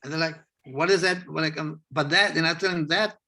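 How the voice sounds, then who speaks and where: A South African man talking in a relaxed, rambling way and acting out the voices of people he quotes, as a guest on a video call interview. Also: a little high, fast, creaky. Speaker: hip hop educator, interview guest. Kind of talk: casual interview conversation.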